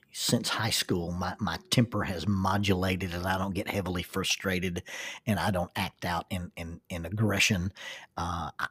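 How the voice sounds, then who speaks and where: Husky-voiced man telling rambling stories. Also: lowish voice. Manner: rambling, self-deprecating, frequent restarts. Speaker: storyteller. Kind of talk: personal storytelling monologue.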